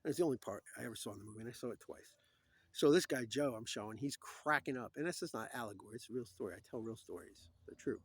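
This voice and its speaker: Brief: middle-aged man, meandering storyteller, preachy, mid-pitched voice. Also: fast, breathy edge, dry recording. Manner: meandering, preachy, swinging loud to quiet. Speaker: speaker. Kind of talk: rambling storytelling monologue.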